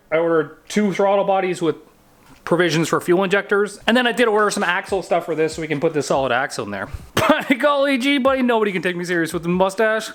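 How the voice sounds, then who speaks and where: A man casually narrating his garage build in an offhand, joking way, with the odd swear. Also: on the high side. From Canada. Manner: joking, offhand, mildly profane. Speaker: vlogger building a drag lawnmower. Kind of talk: casual workshop vlog. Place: home garage workshop. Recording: echoey garage, faint noise.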